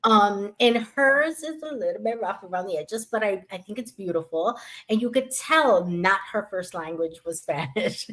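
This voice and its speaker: A woman's voice: mid-range voice, animated, normal speed, few pauses, a bit bright. A woman co-hosting a casual podcast chat, talking with gushing enthusiasm and many fillers. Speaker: podcast co-host.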